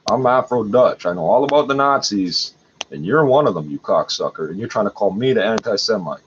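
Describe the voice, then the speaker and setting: A man's voice: lowish voice, lively intonation, a little fast. A man at home hosting a livestream, rambling in an agitated, profane way. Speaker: livestream host. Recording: dull lo-fi audio with faint noise.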